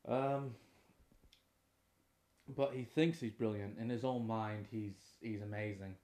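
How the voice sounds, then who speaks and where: A man's voice: lowish voice, fairly even intonation, takes it slowly, warm tone. A young man with a Northern Irish accent hosting a casual, unscripted podcast, sweary, rambling and self-mocking. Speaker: podcast host. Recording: roomy echoing room.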